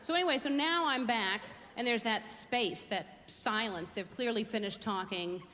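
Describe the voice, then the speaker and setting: A middle-aged woman with a fairly high, pushed and bright voice speaks at a moderate pace during a stand-up set on a large theater stage. Her live-audience routine is rambling, self-mocking and observational, built on everyday stories, and the reverberant hall carries crowd and background noise.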